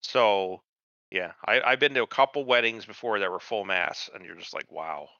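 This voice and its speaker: Podcast co-host, man, bright and forward, dull dry recording, rambling and profane. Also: on the low side, moderate pace, no echo. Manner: rambling, swears a lot, lively. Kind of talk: casual profane chat.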